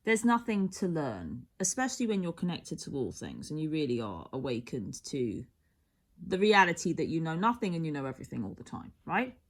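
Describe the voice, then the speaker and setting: Deep-voiced and brisk, this tarot reader swings widely in pitch. Her reading meanders in a musing way, with frequent mid-sentence breaks and moments where she drops nearly to a whisper.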